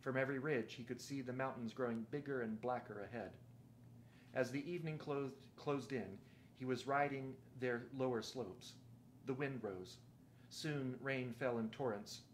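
A man reading a novel aloud in a steady, measured narrating voice. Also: medium pitch, a little hiss or hum. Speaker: reader.

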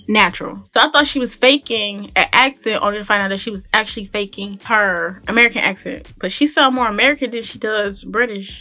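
A woman's voice: mid-range voice, a bit bright. A woman giving a casual, opinionated recap of a TV episode as a voice-over for her gaming video, chatty, full of fillers and restarts.

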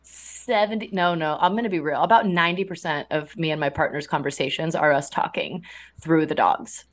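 A woman's voice: sits low, steady tone, brisk. A young woman, a drummer, chatting casually as a podcast guest, with frequent laughs and restarts. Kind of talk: casual interview chat.

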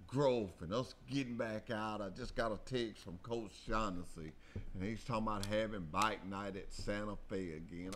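A man hosting a local radio talk show, folksy and excitable, often repeating himself. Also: on the low side, moderate pace, a little hiss or hum.

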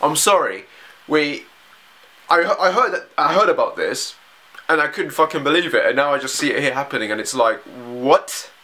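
A man's voice: fairly high pitch, animated, fairly quick, sharp tone. A man reacting to a TV episode as he watches it, ranting angrily and swearing often. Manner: angry, profane ranting. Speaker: reaction video host.

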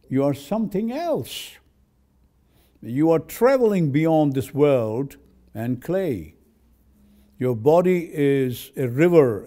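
A man's voice: a little high, dark tone. An older man, a professor, giving a university lecture on poetry, telling stories and reciting verse before translating it. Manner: storytelling, reciting Persian verse then translating.

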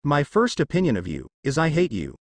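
A lazy, aloof grown ninja teacher, as a man reads him aloud. He sounds offhand and unbothered. The voice keeps a lively rise and fall, and the recording is dry and close. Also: on the high side, a little fast, vocal fry, no echo, full character voice.

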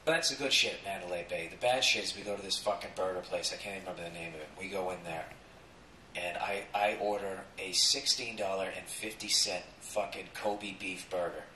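A man hosting a podcast, telling a profane comic story with sudden loud outbursts. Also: low-pitched, a little fast, roomy sound, recorded from a distance, slight background noise, rough recording. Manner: profane, animated, jumps into loud acted quotes. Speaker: podcast host. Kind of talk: comedic storytelling monologue.

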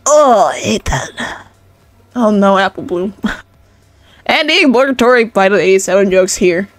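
A woman's voice: mid-range voice, lively intonation, normal speed, no echo. A young woman hosting her channel, reading fan fiction aloud with casual asides, laughing, swearing and stumbling over words.

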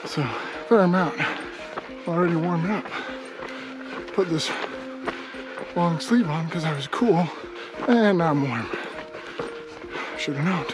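A man's voice: fairly high pitch, slow, pauses often, rough recording. Chatty hiker man, music underneath. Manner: chatty, talks to his dogs while hiking. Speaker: hiking vlogger. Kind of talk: casual vlog talk to camera. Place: outdoors on a mountain trail.

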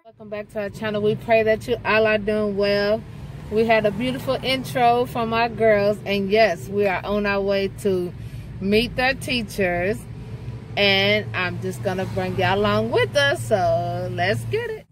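A woman's voice: mid-range voice, measured pace, a little hiss or hum. A woman, a mother, chatting casually to her viewers in a vlog. She laughs often and talks straight to the camera about her day. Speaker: vlogger, mother. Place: outdoors and in a car, sunny day.

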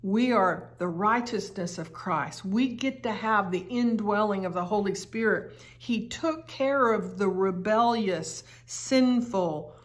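A woman's voice: mid-range voice, slow, hardly any pauses. A woman teaching a daily Bible study in an earnest, emphatic way, often repeating her phrases. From United States.

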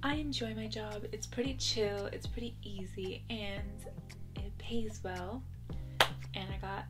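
A woman's voice: mid-range voice, fairly even intonation, measured pace. Chatty young woman vlogging over music. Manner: chatty, giggly, rambling with asides. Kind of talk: casual chat to camera. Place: bedroom at home. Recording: music playing in the background.

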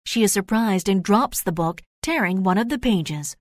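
A woman reading the narration of a graded storybook, slow and clear. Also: medium pitch, animated, no echo, studio quality. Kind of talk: scripted narration of a graded reader.

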